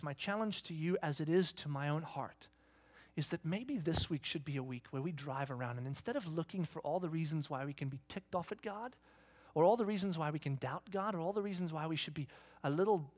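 A middle-aged man preaching a sermon in church, animated, acting out arguments in raised voices. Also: a little high. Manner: animated, acts out quarreling kids in a shouting voice. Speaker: pastor.

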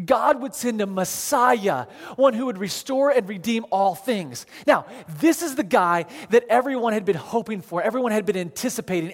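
A man's voice: high-pitched, in a large hall. A man preaching a sermon in a conversational way, retelling scripture in everyday words. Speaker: pastor.

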